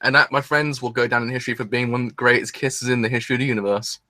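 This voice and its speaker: A man's voice: medium pitch, steady tone, racing, bright, forceful tone, no echo. A young man hosting an anime reaction video, gushing and exclaiming in a breathless, rambling way. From England. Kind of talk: excited solo reaction video.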